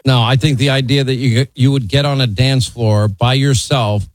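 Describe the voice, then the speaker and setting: A man's voice: mid-range voice, fairly even intonation, normal speed, no echo, low-quality recording. A man hosting a call-in talk radio show, talking bluntly and conversationally and teasing his callers.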